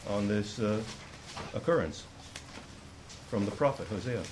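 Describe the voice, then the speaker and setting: A man's voice: fairly low pitch, a little slow, noisy background. A man preaching a sermon to a congregation, reading scripture aloud and explaining it with earnest restarts. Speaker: pastor.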